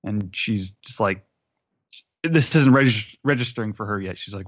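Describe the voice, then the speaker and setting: A man's voice: on the low side, normal speed, no echo. Guy recapping a comic on a podcast, lots of ums, muffled audio. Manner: hesitant, many ums and uhs. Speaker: podcast co-host. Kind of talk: casual chat, recapping a comic.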